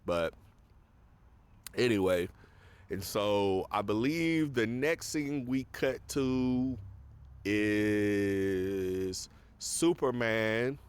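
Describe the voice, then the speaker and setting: A man's voice: on the low side, extremely slow, long pauses, clear, resonant tone. A man hosting a casual film review, retelling scenes in a rambling way full of fillers.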